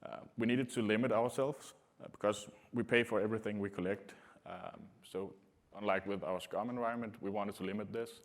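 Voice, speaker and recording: Halting low-voiced male tech presenter. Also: fairly even intonation. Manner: halting, frequent uh and um fillers. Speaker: conference presenter. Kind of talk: technical conference talk. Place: conference session room.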